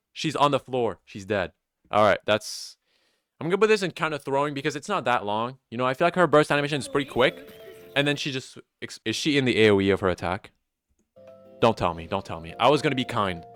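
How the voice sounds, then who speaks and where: A young man giving casual, animated gameplay commentary, full of incredulous, mock-outraged rants. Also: mid-range voice. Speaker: YouTube gaming commentator.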